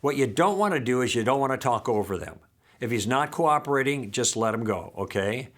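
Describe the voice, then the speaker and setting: A man's voice: mid-range voice, animated, fairly quick, fairly bright tone. A man teaching a lesson in a friendly, patient way, sometimes acting out sample lines.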